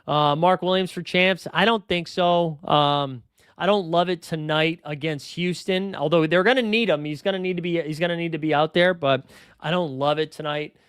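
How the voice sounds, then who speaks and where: A fantasy basketball show host talks quickly and chattily on a casual livestream, reading off names and numbers. His voice is a touch high, fairly bright, very smooth and clear, recorded dry and close with no echo.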